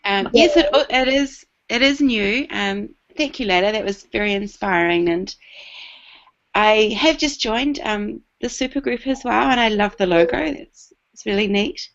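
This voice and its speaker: A woman's voice: a little high, measured pace, gravelly. A woman with a New Zealand accent chatting casually on a video call, a little hesitant with many fillers. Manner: warm, slightly hesitant with fillers. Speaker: new team member. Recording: dull lo-fi video call audio.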